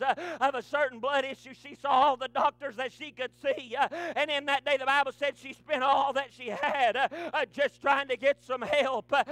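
A man's voice: very high voice, pushed and bright, no echo. A man preaching a sermon in church, punctuating nearly every phrase with a rhythmic "uh". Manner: rhythmic preaching with constant "uh" fillers.

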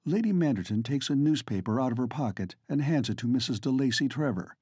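Male audiobook narrator, husky, dry close mic, measured formal delivery. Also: mid-range voice, lively intonation, dark tone, no room sound. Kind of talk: scripted narration.

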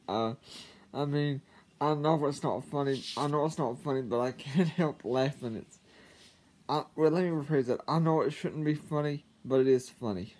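A man telling a personal story to his viewers, halting, with frequent stammers and restarts. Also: medium pitch, a little mellow. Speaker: vlogger. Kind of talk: casual storytelling to camera.

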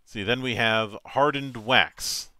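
Man, game master, reading tabletop rules aloud, crisp smooth voice, dry close sound, matter-of-fact. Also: mid-range voice, bright, forceful tone, no room sound. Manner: measured, matter-of-fact reading with small stumbles.

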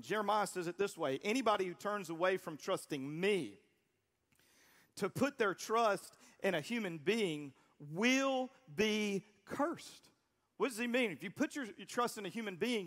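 High-voiced pastor preaching lively. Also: male voice. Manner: animated, conversational preaching with call-and-response. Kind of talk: sermon. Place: church auditorium before a congregation.

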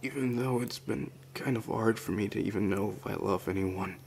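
A man voicing a shy, anxious young man in a whispered role-play, speaking softly and hesitantly. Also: lowish voice, moderate pace, creaky, a little hiss or hum. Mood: tender, insecure. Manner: soft, hesitant, flustered stammering. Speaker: ASMR roleplayer.

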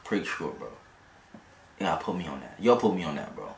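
A man's voice: low voice, very animated, brisk, gravelly, roomy sound, distant mic, a little hiss or hum. A man co-hosting a reaction video, laid-back and slangy, calling on viewers to like and follow. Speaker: reaction channel host. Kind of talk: casual reaction chat.

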